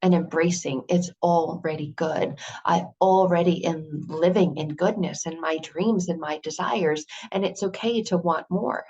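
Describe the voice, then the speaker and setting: A woman's voice: fairly low pitch, a little slow, hardly any pauses, husky, highs cut off. Earnest woman giving a motivational talk. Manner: earnest, animated, full of rhetorical questions. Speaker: motivational speaker.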